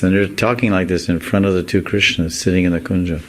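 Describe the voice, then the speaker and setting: A monk teacher giving a devotional sermon in slow, deliberate, animated storytelling. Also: male voice, low voice, a little hiss or hum, low-quality recording.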